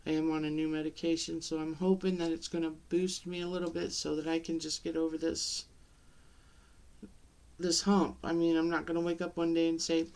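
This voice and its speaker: A middle-aged woman talking to the camera in a personal vlog, halting and tearful, with many pauses and restarts. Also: deep voice, little pitch movement, a little mellow. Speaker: vlogger.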